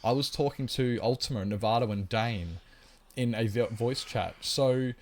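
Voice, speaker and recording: A man's voice: medium pitch, moderate pace, a little mellow, slight background noise. A man livestreaming a game, talking casually and at length while answering his chat. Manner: rambling, chatty, explains at length; reads and answers chat comments.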